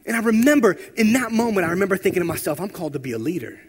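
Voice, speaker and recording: A man preaching a sermon, telling stories and building to loud, emphatic exhortation. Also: sits high, sing-song, very fast, husky. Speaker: pastor.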